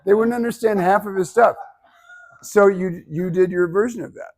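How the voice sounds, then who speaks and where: A man's voice: sits high, moderate pace, darkish tone. A man giving blunt, emphatic feedback as a speaking coach, with some swearing. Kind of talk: workshop feedback.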